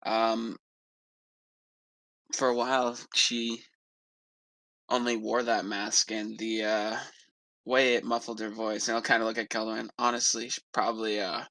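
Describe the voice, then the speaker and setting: A man playing a grieving, protective male adventurer, telling a slow, halting story in character during a tabletop role-play. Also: on the low side, little pitch movement, sharp tone, no room sound, low-quality recording. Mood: somber.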